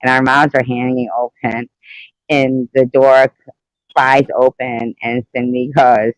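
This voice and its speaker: A woman's voice: very deep voice, level tone, slow, no echo, low-quality recording. A woman hosting a live stream, telling stories in casual chat, swearing freely and laughing as she goes. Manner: profane, laughs through her stories.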